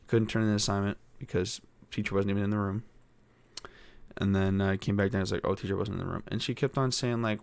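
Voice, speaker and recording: Low-voiced teen boy venting, swearing. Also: steady tone, quick pace, vocal fry, dry recording. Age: teens. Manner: frustrated, swearing, rambling. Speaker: podcast host. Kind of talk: casual venting monologue.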